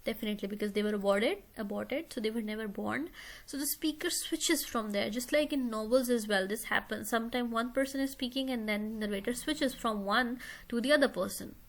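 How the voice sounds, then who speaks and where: A fairly high-voiced woman teaching a recorded English lesson on how to analyze poetry. She explains each step in turn and keeps checking that her students follow along. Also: brisk.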